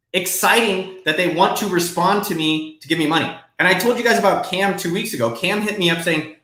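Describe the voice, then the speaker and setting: A man runs a live question-and-answer stream from a desk at home, talking a little fast in a fairly high voice. He's casual, excitable, and sometimes profane, and the room gives off a clear echo.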